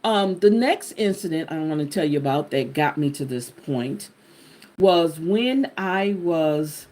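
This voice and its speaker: A woman host telling a personal testimony to her viewers in an animated, expressive way, talking to them directly. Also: sits low, unhurried. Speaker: channel host sharing a personal story.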